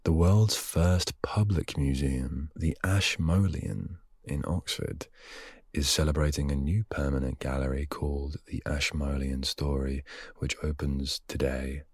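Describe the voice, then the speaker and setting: A young man with a very low, husky voice chats on his own podcast, wandering into self-mocking asides as he reads. The sound is dry and close, with no room around it. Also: no room sound. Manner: rambling, self-mocking asides while reading aloud. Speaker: podcast host. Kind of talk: casual solo podcast chat.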